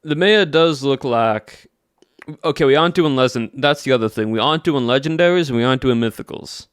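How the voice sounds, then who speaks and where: A folksy Southern cowboy drawls along to his livestream chat, as a man puts on the accent. The voice stays smooth and clear, recorded close and dry. Words are stretched in a loose country drawl. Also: mid-range voice, brisk, no room sound, natural voice. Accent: put-on Southern US. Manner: folksy drawl, says y'all.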